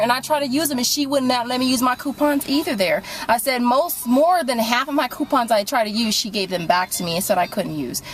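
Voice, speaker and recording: Sitting in a parked car, a woman vlogs an angry couponing storytime to camera, heated and profane, playing both sides of the argument. Her voice is fairly high and a little fast with few pauses, and the low-quality recording carries some hiss or hum.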